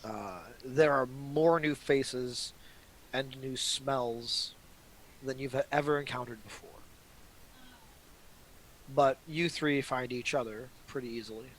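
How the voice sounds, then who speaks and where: A man running a tabletop role-playing game, narrating in a relaxed, halting way with frequent pauses and restarts. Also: medium pitch, a little hiss or hum, rough recording. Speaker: game master.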